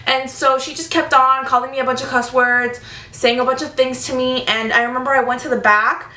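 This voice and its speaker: A woman in her twenties telling retail stories in a chatty, animated storytime vlog. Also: sits high, brisk. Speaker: vlogger. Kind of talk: casual storytime. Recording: echoey room, distant mic.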